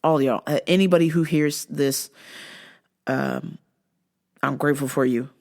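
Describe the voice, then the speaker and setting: Gravelly, low-voiced woman ranting casually. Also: a little slow. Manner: profane, animated ranting to listeners. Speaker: podcast host. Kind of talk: casual solo monologue.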